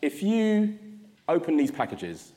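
A man imitating his mother, a firm and wise woman with a Ghanaian accent, in a higher, emphatic voice. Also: wildly swooping pitch, slow, dark tone, heavily acted. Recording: long hall reverb.

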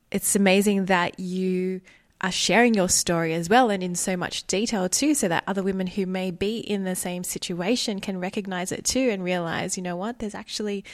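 A woman hosting an interview, supportive and measured in how she responds to her guest. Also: medium pitch. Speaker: host. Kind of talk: interview podcast.

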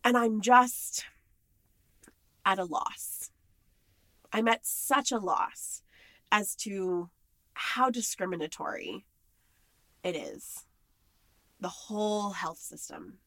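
A woman's voice: medium pitch, expressive, takes it slowly, pauses often, a bit bright, no room sound. A woman talking candidly and with frustration in a casual monologue, emphatic and blunt.

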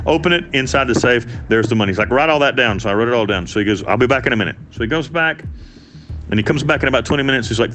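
Profane, animated man telling a story. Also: mid-range voice, racing, a little hiss or hum. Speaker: interviewee, former prisoner. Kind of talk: casual storytelling interview.

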